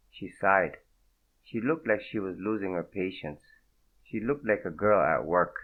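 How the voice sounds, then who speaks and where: A man narrating an audiobook in a steady, unhurried reading. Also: sits low. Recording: tinny phone-like audio.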